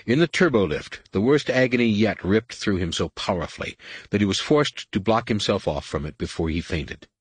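Husky-voiced male audiobook narrator. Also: fairly low pitch, animated, dry recording. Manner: measured storytelling read. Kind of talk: scripted narration.

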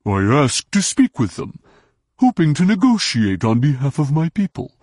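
A man's voice: fairly high pitch, huge pitch swings, moderate pace, darkish tone, dry recording, studio quality, voice pushed up. A man growling as a pompous male alien slug. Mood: insistent. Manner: growling, formal.

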